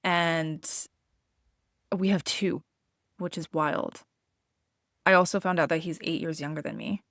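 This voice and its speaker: A woman podcast host telling a personal story in a candid, expressive way, swearing freely. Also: fairly low pitch, measured pace, no room sound, clean studio sound.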